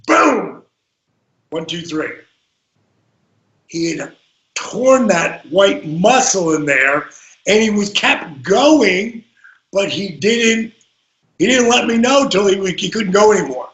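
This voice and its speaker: High-voiced man telling stories in an echoey room. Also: animated, takes it slowly, long pauses. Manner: acts out quotes, swings between hushed and shouted. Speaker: guest, former pro wrestler. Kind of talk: animated storytelling in a podcast. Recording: roomy echo.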